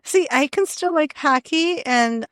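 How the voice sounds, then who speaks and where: A woman's voice: sits high, a little slow, fairly bright tone, dry recording, clean studio sound. Chatty young woman reading a quiz. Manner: chatty, reads quiz options aloud with laughs. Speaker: podcast co-host. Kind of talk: casual chat.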